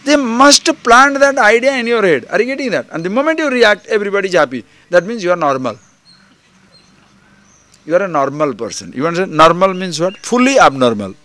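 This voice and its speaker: A man's voice: sits high, very animated, fairly quick, bright, forceful tone, no room sound. A man giving a spiritual discourse, often checking in with the listeners through questions and acting out small dialogues. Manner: acts out little dialogues. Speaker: spiritual teacher.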